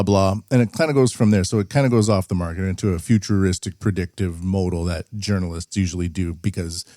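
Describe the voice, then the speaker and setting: A man's voice: lowish voice, dark tone, no room sound, studio quality. A man hosting a podcast, reading news articles aloud and rambling through sarcastic asides. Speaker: podcast host. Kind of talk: casual news commentary.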